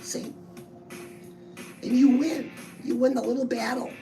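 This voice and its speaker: A woman's voice: high-pitched, fairly even intonation, measured pace, vocal fry, mellow, faint music behind, rough recording. A woman coaching on fitness and weight loss in a bubbly, chatty, motivational way, talking straight to her listeners. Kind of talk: upbeat motivational vlog.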